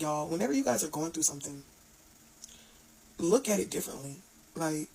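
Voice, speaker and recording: In a low-quality recording, a woman with a low, darkish, slightly rough voice delivers an earnest, informal devotional talk online. She stumbles and restarts, reading scripture aloud in a halting way.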